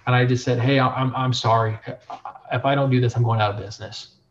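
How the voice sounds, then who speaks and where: A young adult man, a print shop owner, telling his story in a casual interview, animated and full of filler phrases. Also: medium pitch, quick pace, a little hiss or hum. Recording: dull lo-fi sound.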